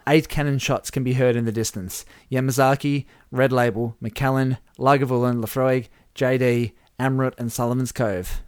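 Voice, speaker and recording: A man in casual chat, reading out game events with animated play-by-play. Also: mid-range voice, moderate pace, few pauses, smooth, no room sound, clean studio sound. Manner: animated play-by-play, chuckling at the results. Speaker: host running a whisky-themed game simulation.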